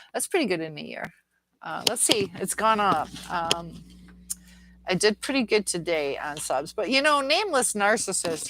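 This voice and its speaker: A woman's voice: mid-range voice, a bit bright. A woman from the Detroit area hosting a casual livestream at home, chatting with viewers, rambling with lots of fillers. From Detroit area, USA. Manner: rambling, chatty, many fillers, coos at her dog. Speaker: livestream host. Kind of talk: casual live chat reading viewer comments. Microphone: phone or webcam.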